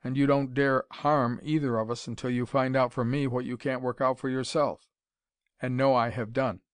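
A man's voice: medium pitch, flat delivery, normal speed, smooth, no room sound, close to an everyday voice. A man voicing a bold young male inventor who speaks with a dry, wry edge.

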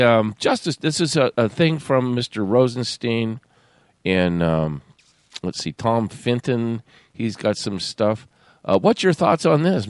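A man's voice: mid-range voice, no echo, studio quality. A man hosting a talk radio show, reading and commenting in a sarcastic, rambling way with laughs. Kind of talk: casual talk radio monologue.

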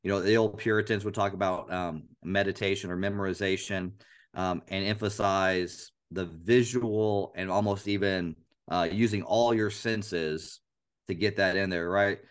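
A man with a very deep voice co-hosting a casual Bible discussion. He speaks in an earnest, animated way and repeats phrases aloud to illustrate his points. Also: normal speed, clean tone. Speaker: podcast co-host.

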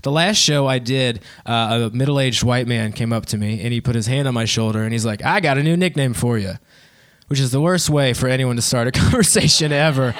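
A man's voice: mid-range voice, steady tone, brisk, few pauses, smooth. A man in his twenties doing a stand-up set in a living room, self-deprecating and laughing at his own jokes. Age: 20s. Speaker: stand-up comedian.

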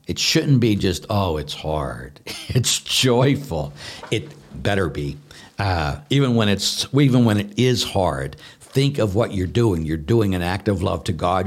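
A male priest with a somewhat low voice talks through questions of faith in a warm-hearted, conversational way. He is earnest and animated, stacks repeated words for emphasis, and chuckles at his own failings. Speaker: Catholic priest. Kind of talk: conversational spiritual teaching answering questions.

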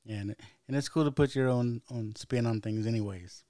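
A man hosting a casual podcast interview, his voice at a middle pitch for a man. He asks questions in an easygoing way, pausing on many hesitant ums. The recording is dry, with no room echo. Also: warm tone. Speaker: podcast host.

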